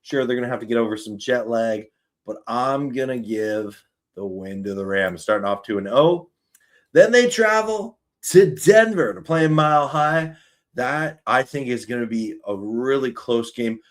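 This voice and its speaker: A Canadian man hosts a casual sports talk stream, running through his predictions with an upbeat, chatty manner. His voice sits in a middle pitch, and he pokes fun at himself as he goes. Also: normal speed. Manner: chatty, upbeat, self-deprecating. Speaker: sports podcast host.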